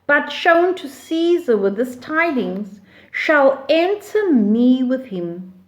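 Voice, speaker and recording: A woman reading the lines of a dying male Roman general in slow, measured verse, in a roomy recording. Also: sits high, sing-song, heavily acted. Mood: solemn dying. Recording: roomy echo.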